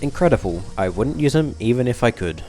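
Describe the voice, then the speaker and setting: A man giving calm, matter-of-fact commentary as he plays a mobile game and opens rewards. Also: mid-range voice. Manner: measured, matter-of-fact narration of crystal openings. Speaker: gaming YouTuber. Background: background music.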